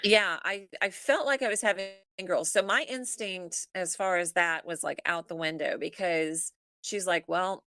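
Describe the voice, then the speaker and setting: A woman's voice: on the low side, unhurried, few pauses, sharp tone, dry recording. A middle-aged woman who is a podcast guest, chatting casually and acting out family dialogue as she tells a story.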